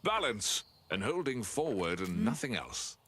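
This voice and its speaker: A man's voice: fairly low pitch, sing-song, a little slow, fairly bright tone, slightly rough, exaggerated voice. A man voicing a wry, grandiose storybook narrator in a game, with a mock-solemn, teasing delivery.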